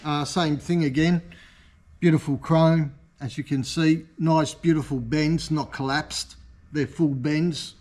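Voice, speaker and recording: A man's voice: on the high side, fairly even intonation, slow pace, a little mellow. Easygoing man showing off parts. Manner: enthusiastic, easygoing, talks like a salesman. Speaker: custom motorcycle parts shop host. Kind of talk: casual product showcase vlog.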